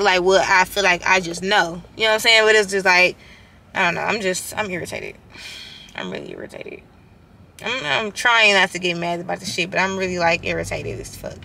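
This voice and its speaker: A young woman vlogging from inside a car, venting frankly about a test. She swears freely, leans on "like" a lot, and sounds stressed and tired. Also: medium pitch. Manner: frank, swears freely, heavy use of filler "like". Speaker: student vlogger. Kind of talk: casual venting vlog. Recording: steady car noise behind.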